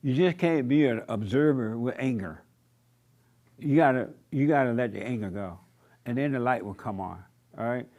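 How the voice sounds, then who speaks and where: A man's voice: medium pitch, moderate pace, a little mellow, lo-fi sound. A man preaching a sermon in an emphatic, repetitive cadence with folksy turns of phrase. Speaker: pastor.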